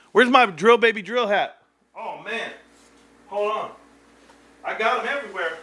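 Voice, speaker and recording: Brash, bright-voiced male streamer. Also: sits high, slightly rough. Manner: brash, mocking, swears freely. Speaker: livestream host. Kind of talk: joking livestream commentary.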